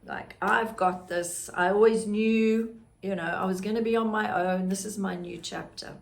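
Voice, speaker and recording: A woman's voice: medium pitch, steady tone, normal speed, gravelly, darkish tone. A middle-aged woman, a podcast host candidly telling her personal story in a reflective way. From South Africa. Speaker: podcast host, grief guide.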